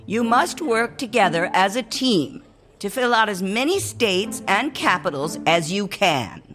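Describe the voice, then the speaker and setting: A man's voice: high voice, animated, measured pace, fairly bright tone, voice pushed up. A man voicing a strict female schoolteacher who screeches her instructions. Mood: commanding. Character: shrill strict female teacher.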